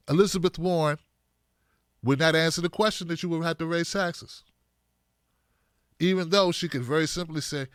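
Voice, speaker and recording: A man hosting a livestream of political commentary, animated and talking straight to his viewers, sometimes putting on mocking voices. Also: on the high side, moderate pace, long pauses, no echo, studio quality.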